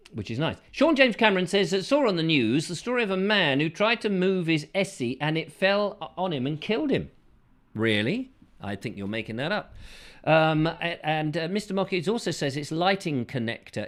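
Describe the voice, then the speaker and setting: A man hosting a casual chat show, reading out viewer comments with playful, silly asides and sudden falsetto bursts. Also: fairly bright tone.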